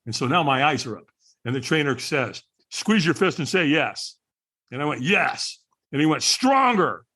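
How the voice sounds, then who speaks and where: A man's voice: fairly high pitch, normal speed, bright, forceful tone. A man who is a podcast guest, telling a story with lots of energy and acting out the people he quotes. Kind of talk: animated storytelling.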